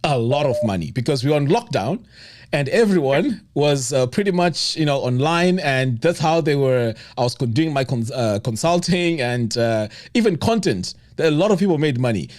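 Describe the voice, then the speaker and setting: A man's voice: medium pitch, lively intonation, normal speed, a little mellow. A man hosting a live stream, chatting casually and agreeing often with his guest. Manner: chatty, frequent agreeing murmurs. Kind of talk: casual interview chat.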